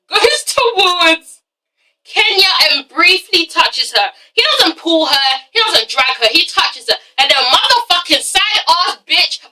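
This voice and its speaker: A woman reviewing a TV episode in a casual vlog, animated and swearing freely, often breaking into laughter. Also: extremely high pitch, recorded from a distance, low-quality recording. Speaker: TV show reviewer.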